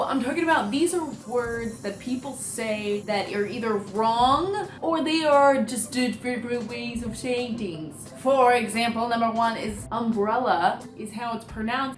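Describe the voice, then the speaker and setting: A woman's voice: on the high side, moderate pace, hardly any pauses. A young woman vlogging in a casual, rambling way, goofy and self-mocking. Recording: echoey room with faint music.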